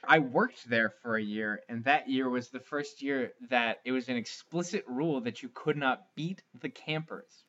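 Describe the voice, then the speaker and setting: A man's voice: medium pitch, moderate pace, hardly any pauses, fairly bright tone, lo-fi sound. A young man co-hosting a podcast, rambling through crude camp stories in casual comedic chat. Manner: crude, rambling storyteller with filler words. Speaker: podcast co-host.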